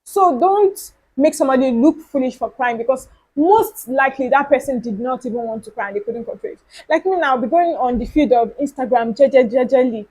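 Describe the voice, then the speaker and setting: A woman's voice: high voice, lively intonation, a little fast, a little mellow, breathy edge, poor audio. A woman hosting her own podcast, talking casually and earnestly and repeating her points for emphasis. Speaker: podcast host. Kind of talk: casual solo podcast talk.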